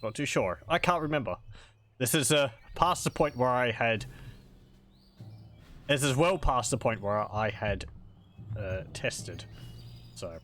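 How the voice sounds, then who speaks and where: A man's voice: medium pitch, measured pace, long pauses, a bit bright, a little hiss or hum. A man hosting a casual let's-play, chatting and rambling as he plays and often correcting himself. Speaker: gaming video host. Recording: faint game music behind.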